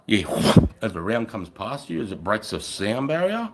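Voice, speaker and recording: An Australian man, a middle-aged army veteran, telling war stories on a live stream in a casual, profane, animated way. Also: fairly low pitch, moderate pace, heavy background noise. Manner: profane, animated, acts out voices. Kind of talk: casual storytelling.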